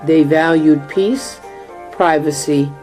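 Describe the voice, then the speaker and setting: Low, mellow female documentary narrator. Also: slow, soft background music, poor audio. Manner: calm explanatory delivery.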